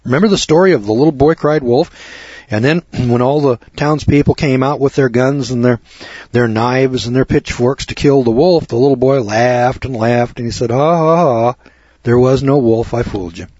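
A man's voice: medium pitch, normal speed, a little mellow, dry recording. A man hosting a radio talk show, delivering a rambling, preachy monologue that builds to emphatic lecturing. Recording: dull lo-fi dry radio audio.

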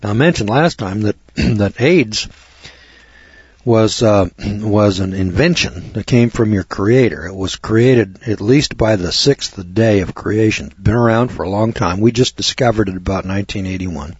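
A man preaching a sermon in an indignant, mocking way, repeating words and clearing his throat. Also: lowish voice, normal speed, darkish tone, no room sound, muffled recording. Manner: indignant, mocking, rises to exclamations.

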